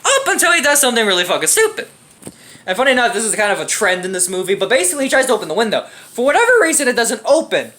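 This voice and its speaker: Bright, animated young woman ranting sarcastically. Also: a little high, rapid-fire. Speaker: movie reviewer. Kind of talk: casual comedic movie rant.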